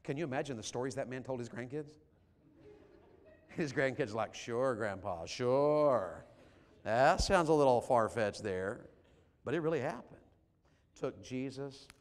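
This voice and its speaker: A man preaching a revival sermon as an evangelist, swinging from shouts to hushed tones. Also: medium pitch. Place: large church sanctuary. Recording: long hall reverb in a church.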